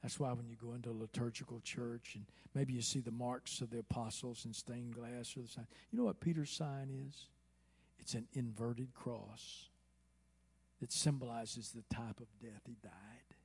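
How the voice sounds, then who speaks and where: A man preaching a sermon from the pulpit of a church, who moves from quiet, hushed asides to slow, loud, soaring exclamations. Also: mid-range voice, steady tone, husky. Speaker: pastor. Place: church sanctuary.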